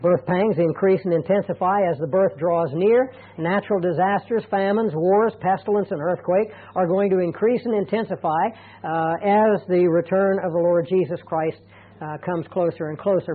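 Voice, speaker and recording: A middle-aged man preaching a sermon as a pastor, earnest and deliberate, slowing down to stress key points. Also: high voice. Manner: earnest, deliberate, slows down for emphasis. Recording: tinny phone-like radio broadcast.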